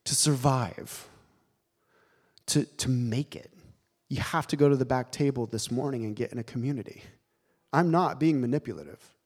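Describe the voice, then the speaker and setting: A man preaching a sermon, animated and emphatic, telling the story with dramatic pauses. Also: mid-range voice, breathy edge.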